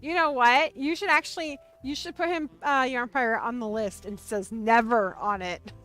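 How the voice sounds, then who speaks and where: A high-pitched woman with a bright, ringing tone hosts a relaxed livestream. She is bubbly and playful, teasing and cheering her viewers, and faint music plays behind her. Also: moderate pace. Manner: bubbly, playful, talks to chat. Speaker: livestream host. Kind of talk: casual livestream chat.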